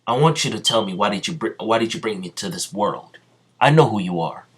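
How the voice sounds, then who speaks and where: An arrogant, menacing ninja warlord, as a man puts him on in a homemade spoken fan story. He talks bluntly in commands and threats, in a fairly low male voice. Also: lively intonation, brisk, husky. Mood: threatening.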